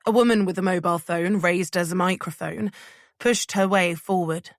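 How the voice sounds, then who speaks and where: A woman reading an audiobook thriller in scripted narration, measured and even. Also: lowish voice, no room sound, studio quality.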